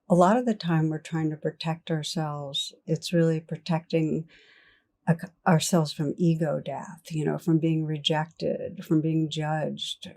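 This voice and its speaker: An older woman giving a reflective meditation talk, gently telling stories and laughing softly. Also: low-pitched. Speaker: meditation teacher. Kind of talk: dharma talk.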